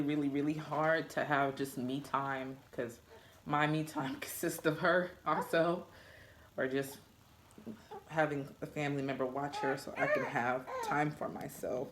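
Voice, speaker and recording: Young woman, very deep voice, slow unhurried talk, casual vlog chat, laughs a lot. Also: steady tone, a little hiss or hum. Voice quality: deep, low voice. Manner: chatty, laughing often, talks to her baby. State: recovering after childbirth. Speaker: new mother vlogger.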